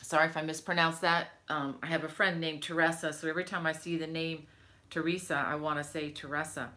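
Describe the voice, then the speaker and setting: A middle-aged woman with a deep voice and level tone hosts a crochet live stream from home, speaking a little quickly. She chats casually with viewers, warmly greets them by name, and uses lots of fillers.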